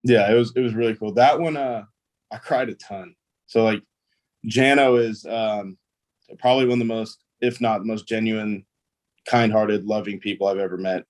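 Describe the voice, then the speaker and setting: Low-voiced laid-back young man. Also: fairly even intonation, moderate pace, a little mellow. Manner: easygoing, rambling, heavy use of fillers. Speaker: guest, pro baseball player. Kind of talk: casual interview storytelling.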